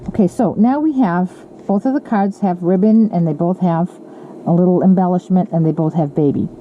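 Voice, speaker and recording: A woman's voice: on the low side, brisk. A woman casually demonstrating card making, chatty, with frequent ums and self-corrections. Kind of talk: casual craft tutorial. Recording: lo-fi with audible background noise.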